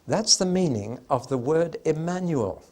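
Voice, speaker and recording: A man's voice: fairly high pitch, expressive, a little slow, mellow. A man giving a Bible teaching talk to an audience, emphatic and conversational with dry humor, swelling suddenly on stressed words and drawing them out.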